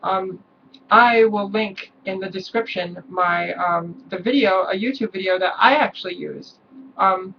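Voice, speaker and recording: A young adult woman chatting casually in a vlog, relaxed, with many ums and little laughs. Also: medium pitch, unhurried, gravelly. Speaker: vlogger. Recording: distant, dull lo-fi camera sound, faint hiss.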